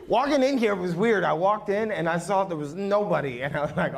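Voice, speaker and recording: A man's voice: high voice, lively intonation, fairly quick, gravelly. Brash profane man doing stand-up. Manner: profane, brash, teasing the audience. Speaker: stand-up comedian. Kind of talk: stand-up set with crowd work. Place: small comedy club. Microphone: handheld microphone. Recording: noisy live club with loud crowd. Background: audience laughter.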